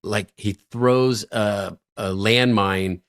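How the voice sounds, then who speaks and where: A middle-aged man co-hosting a podcast, telling stories in an animated way and laughing often. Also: lowish voice, slow pace, no echo. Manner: animated storyteller, laughs a lot. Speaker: podcast co-host. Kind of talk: casual podcast chat.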